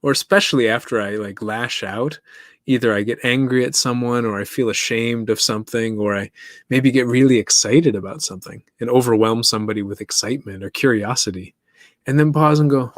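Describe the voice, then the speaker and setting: A man's voice: medium pitch, brisk, dry recording. Man, podcast host, solo monologue, casual and musing, laughs often, dry close sound. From East Africa. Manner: musing, chatty, laughs often, asks listeners questions.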